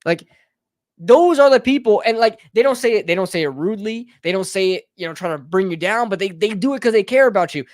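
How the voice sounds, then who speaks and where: A man's voice: sits high, expressive, fast, no room sound, clean studio sound. A man hosting a live sports talk stream, ranting heatedly and often calling listeners bro and brother. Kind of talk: live fan rant.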